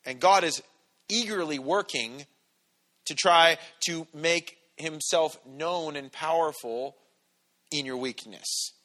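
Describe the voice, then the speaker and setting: A man preaching a conversational, animated sermon to a congregation, acting out quotes as he goes. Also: on the high side, slow pace. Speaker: pastor. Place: church hall with congregation.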